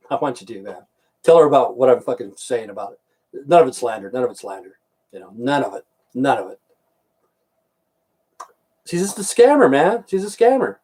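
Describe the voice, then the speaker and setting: Middle-aged american guy ranting and cussing, mellow low-key tone. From United States. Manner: profane, repetitive, heated. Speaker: vlogger. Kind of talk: angry ranting monologue.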